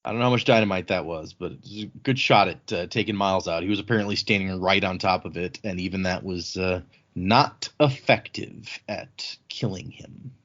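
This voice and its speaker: A man casually recapping a book chapter on a podcast, rambling and animated as he retells the action. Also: sits low, fairly quick. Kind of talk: casual chat. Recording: slightly dull lo-fi sound.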